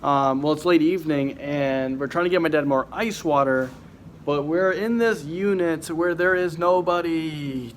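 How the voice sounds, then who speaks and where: A young man, clearly unwell, vlogs from the hospital ward and later a car at night, his voice a little high and a little slow. He rambles casually to the camera with many fillers and restarts, his speech affected by illness, and there's slight background noise.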